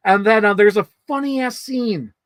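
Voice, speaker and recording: A man casually reviewing movies in a vlog, telling stories in an excitable, rambling way full of swearing and filler words. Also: high-pitched, normal speed, dry recording, studio quality.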